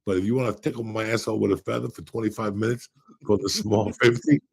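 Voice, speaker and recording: A man in his sixties with a deep, heavily gravelly voice, raspy and rough at the edges. He tells rambling, profane stories in casual podcast chat and breaks off into bursts of laughter. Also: steady tone, fast talker, darkish tone. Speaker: podcast co-host.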